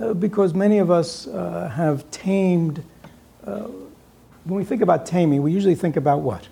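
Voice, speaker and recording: A man giving a dharma talk to an audience, pausing often on fillers and checking in with rhetorical questions. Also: high-pitched, gravelly, dark tone, husky. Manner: halting, with many filler pauses. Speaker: dharma teacher.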